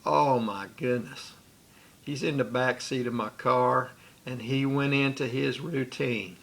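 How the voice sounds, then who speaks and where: Gravelly-voiced man telling an old story. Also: medium pitch, fairly even intonation, slow pace, a bit bright. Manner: rambling, with restarts and asides. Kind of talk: recounting a personal memory.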